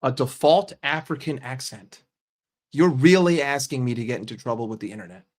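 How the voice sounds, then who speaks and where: A man hosting a casual live stream and bantering with his chat in an animated, profane way. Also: mid-range voice, brisk. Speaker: livestream host.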